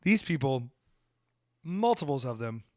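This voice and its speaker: Southern guy rambling thru a story on his podcast, middle pitch, dry close mic, swears a bit. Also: a little slow, dry recording. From American South. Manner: animated, swearing, acts out voices in quotes. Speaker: podcast host. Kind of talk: casual storytelling.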